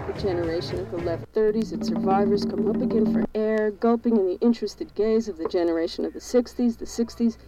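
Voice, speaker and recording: A woman's voice: mid-range voice, brisk, few pauses, poor audio. A woman performing spoken-word poetry, declaiming in a rhythmic, chanting cadence through long lists. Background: music.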